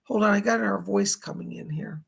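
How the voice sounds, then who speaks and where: A man hosting a live psychic reading stream. He sounds hoarse as he chattily relays spirit messages and thanks viewers by name. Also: sits high, normal speed. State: dry throat, hoarse.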